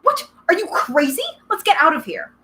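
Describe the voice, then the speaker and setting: A woman's voice: extremely high pitch, sing-song, normal speed, bright, forceful tone, a little hiss or hum, voice pushed up, full character voice. A woman reading aloud and voicing a startled young teenage boy who protests in disbelief. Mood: alarmed. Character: dazed, alarmed young teenage boy hero.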